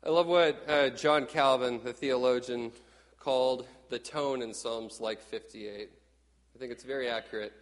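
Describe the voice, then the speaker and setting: A middle-aged man from Texas preaching a sermon in a lively, conversational way, often acting out quotes. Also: medium pitch, in a large hall. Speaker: pastor.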